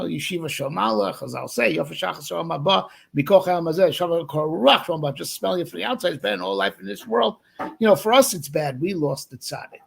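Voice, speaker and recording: Male rabbi, casual lesson delivery, rambling with fillers; slightly raised pitch, gravelly texture. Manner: rambling, many fillers and 'right?' checks. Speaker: rabbi teaching.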